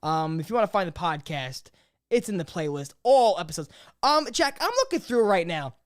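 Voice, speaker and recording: A man hosting a podcast in casual chat, rambling and swearing often, with an animated delivery. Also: high voice, moderate pace, clean tone. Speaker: podcast host.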